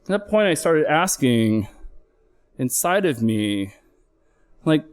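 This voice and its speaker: A man's voice: a little high, very animated, takes it slowly, long pauses, clear, resonant tone. A middle-aged man, a flight paramedic, telling a candid personal story on stage with earnest emotional swells.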